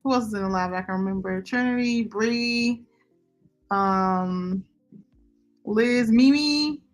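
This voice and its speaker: A woman's voice: medium pitch, slow, faint music behind. A young woman, chatting casually with viewers as a livestream host. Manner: chatty, talks to viewers and chat directly. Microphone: computer microphone.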